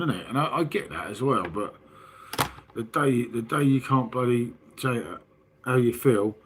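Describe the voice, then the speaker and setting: A man's voice: medium pitch, slight background noise. A man with a southern English accent, chatting casually and rambling to his livestream viewers, full of tag questions and "mate". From southern England. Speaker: livestream host. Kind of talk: casual chat with live chat.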